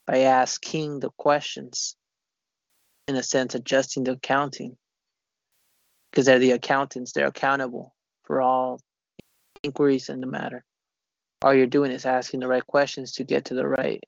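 A man in casual chat, rambling and halting, swearing often and restarting his sentences. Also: medium pitch, little pitch movement, creaky, no echo. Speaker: conversation partner. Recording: dull lo-fi recording.

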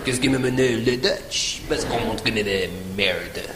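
A man's voice: medium pitch, a little slow, pitched below the performer's own voice, natural voice. A man voicing a disdainful French colonist with a put-on French accent, drawling and disgusted. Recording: echoey live room, loud noise.

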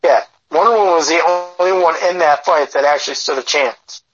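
Man, casual podcast chat, crude jokes, opinionated, slightly high voice, muffled lo-fi audio. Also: brisk, a bit bright, soft background music. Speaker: podcast co-host. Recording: dull lo-fi sound.

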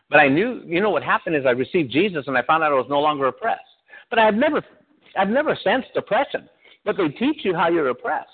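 Man telling his story over a tinny line. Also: medium pitch. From Southern California. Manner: animated storytelling, often laughing. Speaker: pastor. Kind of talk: personal testimony. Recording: tinny phone-like sound.

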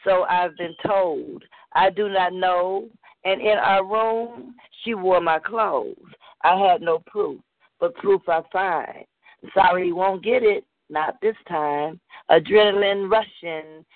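A woman's voice: lowish voice, no room sound. A woman hosting a call-in poetry show and reading her poem bluntly and fiercely. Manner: blunt, fierce rhythmic recitation. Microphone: phone call. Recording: tinny phone line, dry.

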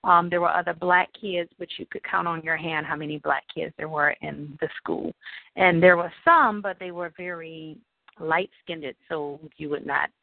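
Animated New woman telling her story. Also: deep voice, moderate pace, vocal fry, no echo. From New Orleans, USA. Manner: animated, acts out quoted people in raised voices. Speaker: interviewee. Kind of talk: personal storytelling in an interview. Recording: dry, tinny phone-like line.

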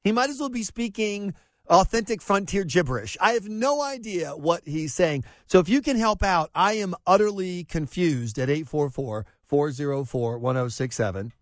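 Man, talk radio host, high voice, swooping pitch, excitable, stammering. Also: normal speed, no echo. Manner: excitable, exasperated, stammering restarts.

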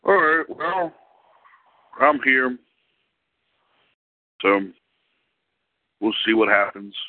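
A man's voice: medium pitch, lively intonation, drawn-out words, no echo. A man hosting a live call-in internet radio show, chatting casually and rambling to fill time while he waits for callers. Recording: tinny phone line, dry.

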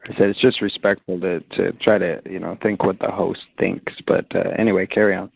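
A man from Texas with a low, gravelly voice heckles and mocks, tripping over restarts as he pushes his challenges. He is heard through a dry, tinny phone-like connection. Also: little pitch movement, fairly quick, no room sound. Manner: challenging, mocking, stammering restarts. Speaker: caller. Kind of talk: heckling casual talk. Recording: tinny phone-line audio.

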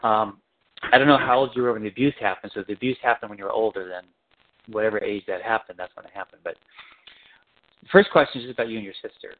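A man leading an interview, asking calm and steady questions about family background. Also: on the low side, quick pace. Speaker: interviewer, counselor. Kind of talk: guided interview. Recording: tinny phone-like line.

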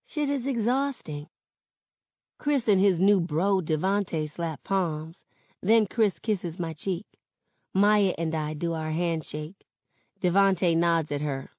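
A woman reading a novel aloud in steady first-person narration, on a dull lo-fi recording. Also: lowish voice, no room sound. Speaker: reader.

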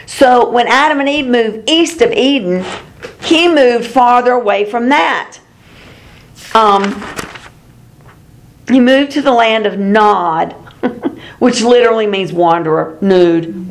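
A woman teaching a Bible study class in a chatty, explanatory way, chuckling now and then. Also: mid-range voice. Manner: conversational, chuckles, explains with rhetorical asides.

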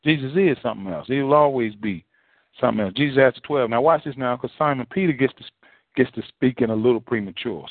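A man's voice: mid-range voice, no room sound. A male pastor preaching a sermon in a folksy, repetitive way, full of rhetorical questions. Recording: tinny phone-line sound, dry.

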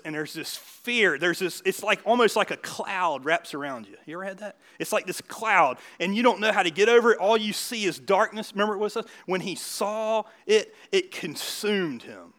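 A man preaching a sermon in a church. He talks in a chatty way, keeps asking the crowd questions, and swings from loud bursts to quiet asides. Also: high-pitched, moderate pace, hardly any pauses. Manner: conversational preaching with frequent rhetorical questions. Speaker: pastor.

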